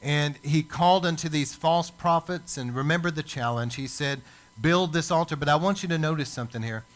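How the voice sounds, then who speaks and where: A male pastor preaching a sermon, building emphasis with dramatic pauses. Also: on the high side. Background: church service.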